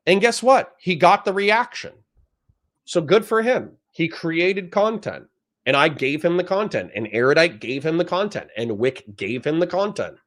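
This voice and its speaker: A man's voice: on the high side, very animated, normal speed, fairly bright tone. A young adult man streaming political commentary, reading chat messages and lecturing his audience in a heated, profane rant.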